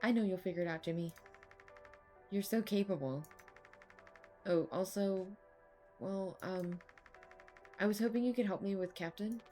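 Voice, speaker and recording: A woman's voice: mid-range voice, dark tone, soft background music, lightly acted. A woman reading a timid, hesitant nurse. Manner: hesitant, halting. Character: timid young female ship nurse, hesitant.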